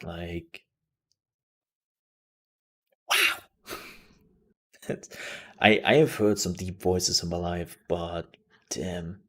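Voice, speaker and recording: A man's voice: deep voice, steady tone, takes it slowly. A man hosting a live stream, chatting casually and rambling, with many fillers and restarts. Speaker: streamer and news show host.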